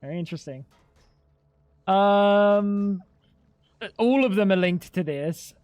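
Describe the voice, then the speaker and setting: Male game streamer, high voice, dry close sound; blunt, exasperated, cusses casually. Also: takes it slowly, a little mellow, no echo. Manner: blunt, exasperated explaining, swears freely. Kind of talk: casual livestream chat while gaming.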